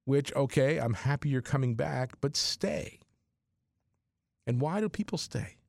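Male radio host, gravelly, eager, stumbling appeal, mid-range voice. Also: mid-range voice, unhurried, no room sound, clean studio sound. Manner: earnest and excitable, with many restarts. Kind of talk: on-air fundraising appeal.

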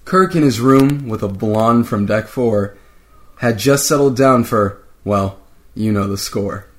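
A man's voice: on the low side, slow pace. A man co-hosting a podcast, taking turns reading a rhyming holiday poem aloud and lifting his voice for the quoted lines. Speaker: podcast co-host reading a story.

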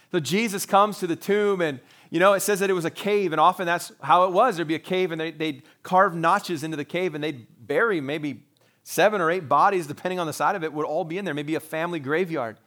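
A middle-aged man preaches with animated energy, mixing jokes and chatty asides into his sermon. His voice sits fairly high for a man. He shifts easily between casual banter and earnest appeal. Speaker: pastor.

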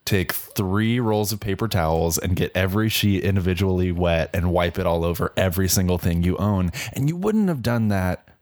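A man with a very low voice co-hosts a comedy podcast. He rambles through an offbeat bit in a deadpan way, and the recording is close and dry. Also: normal speed, hardly any pauses, dry recording. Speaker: podcast co-host.

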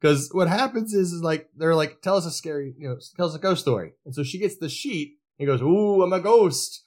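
A man's voice: on the high side, a little fast. A man co-hosting a podcast, chatting casually about horror films and acting out characters' lines. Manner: animated, acts out characters' lines in quoted voices. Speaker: podcast co-host. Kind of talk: casual film review chat.

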